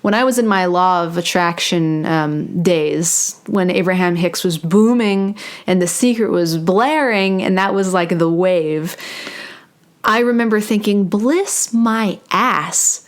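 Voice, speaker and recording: A woman's voice: lowish voice, measured pace. A woman hosting a spiritual talk, speaking unhurriedly into a close microphone and passing on channeled guidance, with playful self-mocking asides. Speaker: meditation and spiritual channeling host. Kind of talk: slow reflective spiritual talk with channeled passages.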